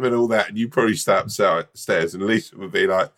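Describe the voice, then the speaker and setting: A man's voice: lowish voice, brisk, hardly any pauses, a bit bright. A man co-hosting a podcast, chatting casually and telling playful stories with acted voices, often laughing. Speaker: podcast co-host. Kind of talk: casual chat.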